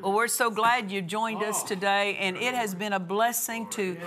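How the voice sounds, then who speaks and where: A woman's voice: mid-range voice, fairly even intonation, moderate pace, few pauses, over music, crowd noise. Woman preaching with emphatic rhythm. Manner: rhythmic call-and-response preaching, rising to emphatic shouts. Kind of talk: sermon.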